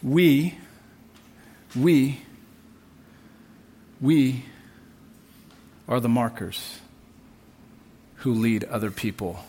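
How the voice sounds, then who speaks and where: A man's voice: mid-range voice, animated, drawn-out words, long pauses, warm tone, husky. A man preaching a sermon at a church service, emphatic and building on repeated refrains. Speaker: pastor.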